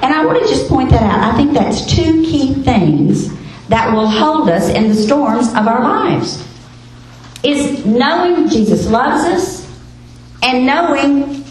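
A woman teaching a women's Bible study, expressive, asking rhetorical questions and reading scripture aloud. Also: a little high, a little slow. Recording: very echoey room, faint hiss.

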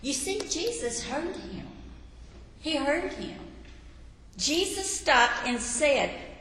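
A woman's voice: high voice, big pitch swings, takes it slowly, a bit bright. A middle-aged woman preaching an earnest sermon to a women's gathering, telling a Bible story dramatically. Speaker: women's ministry speaker. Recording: echoey hall from afar, faint room hum.

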